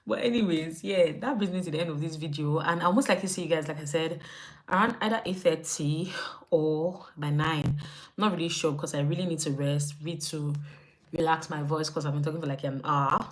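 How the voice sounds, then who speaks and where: A young woman with a Nigerian accent chatting casually on a live stream, animated and acting out her own reactions. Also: low voice, a little fast. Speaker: lifestyle livestreamer.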